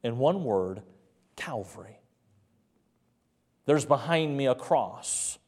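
A man pastor preaching a sermon in a church sanctuary, repeating words and stretching key phrases slowly, dropping to a hush for emphasis. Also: mid-range voice, expressive, long reverb tail.

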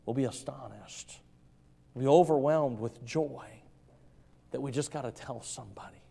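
A male pastor preaching a sermon in a church, excitable and quick, stumbling and repeating words as his enthusiasm runs ahead. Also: medium pitch, creaky, slightly rough. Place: church sanctuary. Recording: long reverb of a large church hall.

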